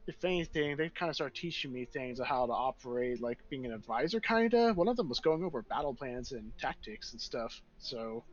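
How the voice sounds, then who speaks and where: A man voicing an excitable young royal third heir who rambles and corrects himself mid-sentence. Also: medium pitch, brisk, hardly any pauses, highs cut off, close to an everyday voice. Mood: eager.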